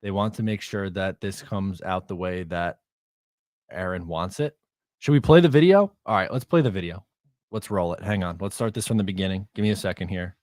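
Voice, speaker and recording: A man hosts a casual live stream, reacting bluntly and excitably to the news and his chat. His voice sits on the low side and is a little out of breath. The sound is dry and close, with no room in it. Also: brisk, no echo.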